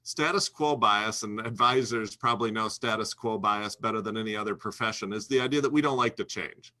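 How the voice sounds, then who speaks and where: A man with a fairly low, sharp-toned voice speaks a little fast as a guest, giving instructional talk to a host. He coaches financial advisors emphatically and repeats his key phrases.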